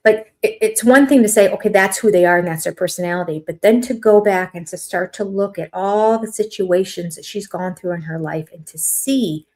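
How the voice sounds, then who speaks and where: Older woman host, casual live commentary, animated and opinionated. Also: lowish voice. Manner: animated, opinionated, acts out quoted voices. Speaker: host of a live reality TV review chat.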